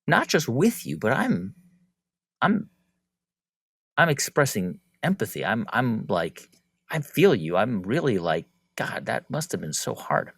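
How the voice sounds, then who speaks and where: A man talks as a podcast guest in an easy conversational way. His pitch swings widely and stays expressive. The recording is dry and close, with no room sound. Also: no room sound. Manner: animated, acts out quoted speech. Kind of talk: conversational interview.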